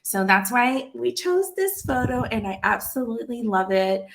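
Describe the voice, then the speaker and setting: A woman in her thirties, founder of an association, telling a casual story full of fillers and lively quoted dialogue. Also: on the high side, normal speed, creaky, a little hiss or hum. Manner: chatty, lots of fillers, animated quoted dialogue.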